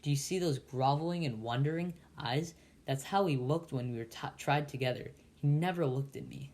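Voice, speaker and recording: A man voicing a desperate, rough-spoken escaped convict who talks with fierce scorn. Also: on the high side, normal speed, darkish tone, lightly acted.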